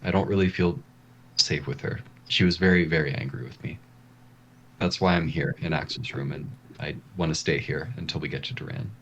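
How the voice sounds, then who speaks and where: A man voicing a shy, nervous young woman who speaks quietly and stammers. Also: a bass voice, steady tone, brisk, vocal fry, muffled recording, full character voice.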